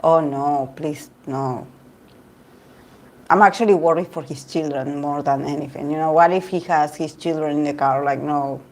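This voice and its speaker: A woman host chatting casually about idol news, gossipy and quick to laugh, often restarting her sentences. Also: low-pitched. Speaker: tarot reader and channel host. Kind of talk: casual chat reading live comments.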